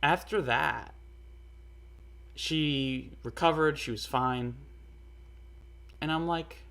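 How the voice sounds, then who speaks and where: A young man telling a personal story in a casual, earnest way, halting often with fillers and restarts. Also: on the high side, vocal fry, fairly bright tone. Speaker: storyteller vlogger.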